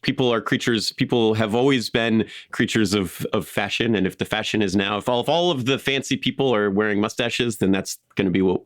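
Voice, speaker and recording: A man co-hosting a podcast, telling a history story in a casual, animated way with frequent fillers. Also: on the low side, a little fast, few pauses, no room sound, clean studio sound. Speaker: podcast co-host.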